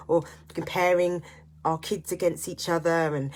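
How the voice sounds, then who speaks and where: A middle-aged woman speaks straight to her viewers in a low voice. She is earnest and reflective, mixing personal confession with motivational advice in an unscripted vlog. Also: flat delivery, moderate pace, darkish tone, a little hiss or hum. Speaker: vlogger and single parent. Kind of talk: candid personal vlog monologue.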